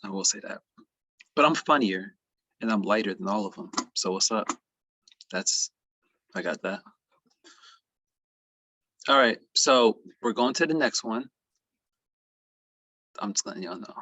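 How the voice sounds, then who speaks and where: A man teaching an online class with a playful, boastful streak, teasing his students. His pitch swings widely while he drawls slowly. His voice is husky and the sound is dry. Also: sing-song, pushed and bright, dry recording. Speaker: trading educator.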